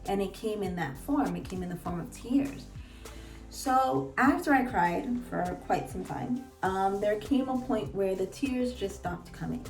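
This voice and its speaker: A woman's voice: medium pitch, expressive, unhurried. Earnest woman life coach, echoey room. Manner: earnest, gentle, coaching tone with repeated urging phrases. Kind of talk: personal reflective vlog talk. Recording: echoey room, voice a bit far from mic, faint music.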